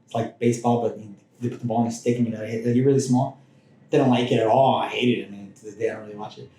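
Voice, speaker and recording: A man tells stories from his past in a loose, rambling way, often restarting his sentences and breaking off into asides. His voice is mellow and low in brightness. The room around him is noticeably echoey. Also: fairly even intonation, racing, soft background music. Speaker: podcast guest. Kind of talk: casual personal storytelling. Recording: roomy echoing room.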